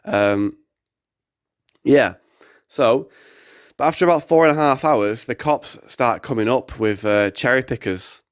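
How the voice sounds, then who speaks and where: A young man with an animated, rambling manner, telling a story casually on a podcast. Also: medium pitch, a little slow, long pauses, clear, resonant tone, no echo, studio quality. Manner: animated, excitable, rambling with fillers. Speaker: activist podcast host.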